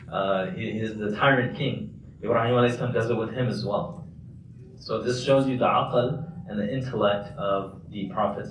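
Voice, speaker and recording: A man giving a casual, conversational Quran lesson at a mosque, explaining points with loose restarts. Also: medium pitch. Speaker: mufti teaching a class. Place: large mosque hall. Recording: echoey hall, distant mic, faint noise.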